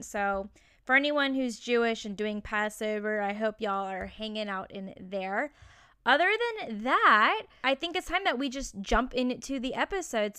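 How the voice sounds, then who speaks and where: A woman's voice: a little high, bright, forceful tone, smooth, no room sound, studio quality. A young adult woman hosting a podcast, upbeat and effusive as she introduces and interviews her guest. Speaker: podcast host.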